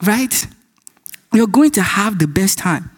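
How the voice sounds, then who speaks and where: A man with a Nigerian accent preaches a sermon in a high, husky voice at a slow pace. He tells stories with animation, acting out dialogue and laughing often.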